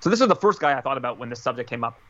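Guest man, quick, bright, animated podcast talker. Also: medium pitch, dull audio. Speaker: guest analyst. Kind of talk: casual podcast chat.

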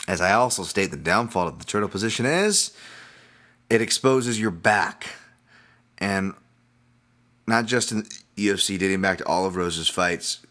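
A man's voice: deep voice, pushed and bright. A middle-aged man hosting a podcast, talking casually about fights and betting odds while hiccuping, in a rambling, self-deprecating way with frequent restarts. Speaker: podcast host. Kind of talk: casual sports betting talk.

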